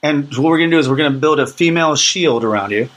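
A man hosting a podcast who jokes around in casual chat and keeps talking up his co-host. His voice sits a little higher than most men's. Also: quick pace, a bit bright. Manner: joking, hyping his co-host.

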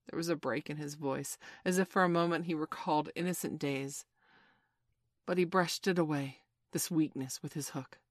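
A woman reading a children's storybook aloud in an expressive, animated way. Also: low-pitched, moderate pace, dry recording, clean studio sound. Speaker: narrator.

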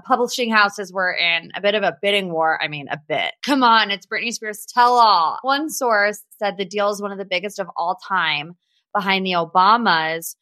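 A woman's voice: mid-range voice, pushed and bright, no echo. A young woman hosting a pop culture podcast, chatty and gossipy with sarcastic asides. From Ohio. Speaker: podcast host. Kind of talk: casual pop culture commentary.

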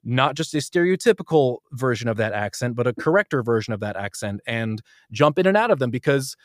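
Eager American voice actor, dry sound. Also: male voice, mid-range voice, no room sound. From United States. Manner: animated and eager, quick to jump between ideas. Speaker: audiobook narrator and voice actor. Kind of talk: casual interview talk.

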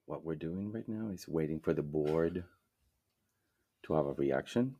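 A man hosting a spirit board session, speaking slowly and deliberately with frequent fillers. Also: a bass voice, dark tone. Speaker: session host.

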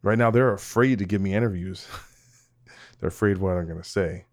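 A male podcast host with a lowish voice talks alone to his audience in a casual, wandering way. He mocks himself, restarts his sentences, and swears freely. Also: normal speed, darkish tone. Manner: rambling, self-mocking, frequent restarts and laughs; swearing, direct address to listeners. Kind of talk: casual solo podcast monologue.

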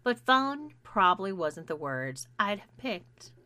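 A woman narrating a first-person story in a measured, intimate reading. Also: mid-range voice, sing-song, sharp tone. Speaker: audiobook narrator.

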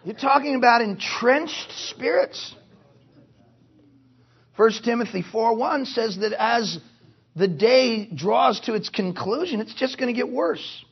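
A male pastor preaching a sermon at a conference, forceful and punctuated with joking asides. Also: extremely high pitch, expressive, takes it slowly, slightly rough, dull audio. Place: conference hall.

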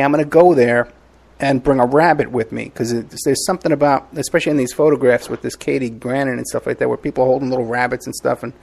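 A man hosting a podcast in casual chat, excitable and quick to laugh. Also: medium pitch, creaky. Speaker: podcast host.

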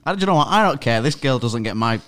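Animated man, laughing banter. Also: mid-range voice, quick pace, no room sound, clean studio sound. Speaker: group member. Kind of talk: casual banter.

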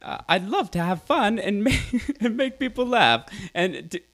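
A man putting on a campy, shaky British accent to voice a young male drag hypnotist with a theatrical, drawn-out delivery. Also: high-pitched, sing-song, fairly bright tone, voice pushed up, exaggerated voice. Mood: showy. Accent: put-on British. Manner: theatrical, sing-song, drawn out.

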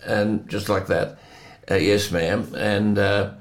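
A man's voice: on the low side, fairly even intonation, slow, roomy sound. An older man, hosting and telling anecdotes in a chatty way, chuckling often. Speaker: host. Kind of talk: conversational storytelling.

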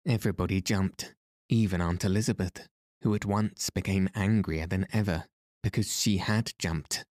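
Low slow guy reading an audiobook, dry close sound. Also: steady tone, darkish tone, dry recording. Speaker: audiobook narrator. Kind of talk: scripted narration.

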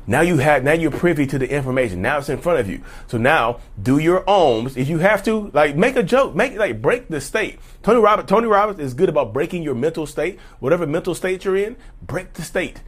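Man giving colloquial advice to viewers. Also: fairly high pitch. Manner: colloquial, repetitive, addresses viewers as y'all. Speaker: channel host. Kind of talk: casual advice vlog.

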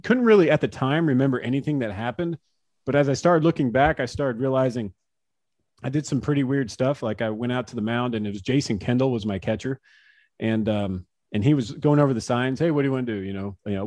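A man who pitched professionally, telling casual anecdotes in an interview, acting out quotes and laughing often. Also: brisk, a little mellow, dry recording. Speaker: former baseball pitcher, guest.

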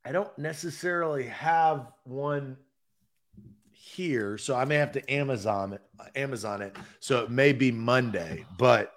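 A man's voice: medium pitch, a little slow. A man hosting a casual sports talk show, upbeat and laughing often. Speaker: host.

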